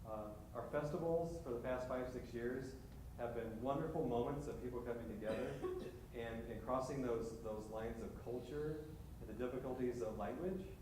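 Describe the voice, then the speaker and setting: Echoey distant pastor addressing parish leaders. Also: male voice. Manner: halting, many restarts and "right?" asides. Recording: echoey hall from far off, faint rumble.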